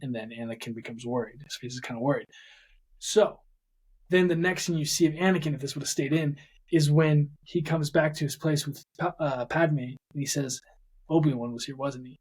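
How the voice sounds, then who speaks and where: A man's voice: on the high side, brisk, a little mellow, breathy edge. A man co-hosting a podcast, chatting easily and reading out a script excerpt. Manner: easygoing, reading aloud from a script. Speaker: podcast co-host. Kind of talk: casual chat.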